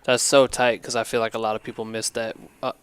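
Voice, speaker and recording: A man hosting a podcast in relaxed, slangy casual chat. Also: mid-range voice, quick pace, clear, resonant tone, dry recording. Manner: relaxed, slangy, backchannels a lot. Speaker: podcast host.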